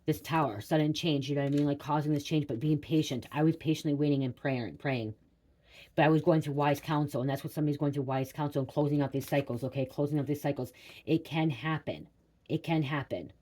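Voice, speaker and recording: A woman's voice: low voice, fairly even intonation, quick pace, mellow. A young woman tarot reader rambling through a personal story for her viewers, repeating herself and saying "like" a lot.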